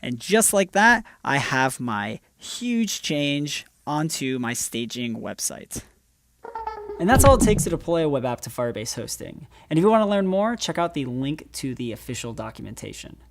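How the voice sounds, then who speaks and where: A developer advocate of medium pitch, with big swings in his voice and a moderate pace, presents an upbeat, casual screencast tutorial one step at a time. There's slight background noise.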